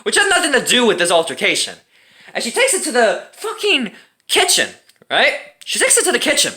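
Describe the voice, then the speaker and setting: Young male storyteller, casual and wry, bright tone. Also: extremely high pitch, brisk. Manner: animated, profane, wry.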